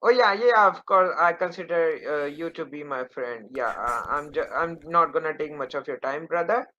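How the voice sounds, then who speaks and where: A man's voice: a little high, normal speed, pushed and bright, muffled recording, slight background noise. A man with an Indian accent, a caller who is slightly intoxicated, rambling and hesitant with many fillers. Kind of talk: casual call-in chat.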